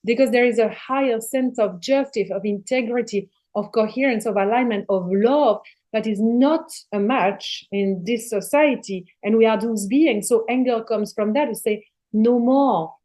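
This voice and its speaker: A middle-aged woman sits in as a podcast guest, her voice sitting a touch high. She talks in a casual, spiritual way and presses hard on her points, swearing freely as she goes. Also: normal speed, dark tone. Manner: emphatic, passionate, swears freely.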